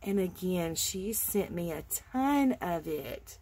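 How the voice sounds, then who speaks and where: A woman with a soft, breathy, slightly husky voice shows off crafts in a casual vlog. She gushes with delight and sometimes falls to a hushed near-whisper as she admires each piece. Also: fairly low pitch, expressive, takes it slowly. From Georgia, US. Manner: gushing and enthusiastic, drops to near-whispers when admiring. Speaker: craft channel host. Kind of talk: casual show-and-tell vlog.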